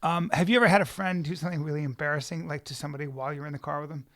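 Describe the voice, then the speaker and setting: A man's voice: fairly high pitch, fairly even intonation, racing, a bit bright. A man co-hosting a podcast in a studio, telling rambling stories in a casual way. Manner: gravelly, rambling storytelling. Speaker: podcast co-host. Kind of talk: casual chat.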